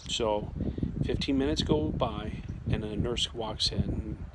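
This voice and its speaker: A man's voice: on the low side, slow pace. A man telling a personal story in a casual, conversational way, often restarting his sentences and acting out what was said to him. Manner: conversational, with frequent restarts and quoted dialogue. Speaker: storyteller sharing a personal experience. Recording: loud background noise.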